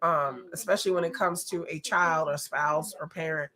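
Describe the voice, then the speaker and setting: A woman hosting a reaction video, talking in a casual, animated and blunt way, often exclaiming and laughing as she comments. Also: sits low, normal speed.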